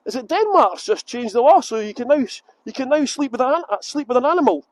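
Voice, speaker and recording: A man's voice: very high-pitched, animated, brisk, no echo. A middle-aged Scottish man giving a live walking tour on city streets, joking cheekily and greeting viewers, speaking into a phone on a gimbal. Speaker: tour guide. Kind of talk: livestreamed walking tour chat.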